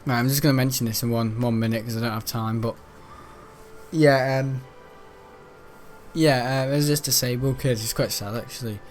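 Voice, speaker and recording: A man's voice: medium pitch, steady tone, normal speed, long pauses, faint music behind. Rambling young British man chatting. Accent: British English. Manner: chatty, meandering, lots of fillers and self-corrections. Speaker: gaming channel host. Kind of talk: rambling casual chat over gameplay.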